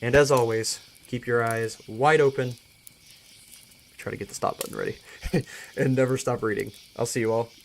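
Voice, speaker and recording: A man's voice: mid-range voice, steady tone, normal speed, creaky, slight background noise. A man hosting a live stream, closing it in an earnest, thankful way and often restarting his words. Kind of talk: casual live-stream sign-off.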